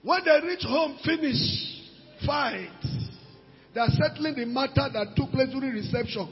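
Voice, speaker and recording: A man with a Nigerian English accent preaching a sermon, animated, breaking into shouts and pidgin asides. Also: extremely high pitch, moderate pace. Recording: dull recording in a reverberant hall.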